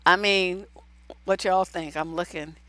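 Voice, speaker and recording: A woman's voice: on the low side, steady tone, a little slow, bright, forceful tone, no room sound. Blunt, profane woman advice host. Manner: blunt, casual and profane, with asides while reading. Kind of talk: livestream advice show, reading viewer letters.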